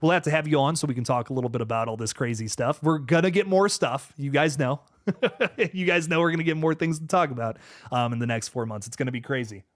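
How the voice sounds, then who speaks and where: A man's voice: medium pitch, fast talker, no echo, studio quality. A young man hosting a casual livestream from home, reading viewer comments aloud in a laid-back way and often repeating and restarting words. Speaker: livestream host.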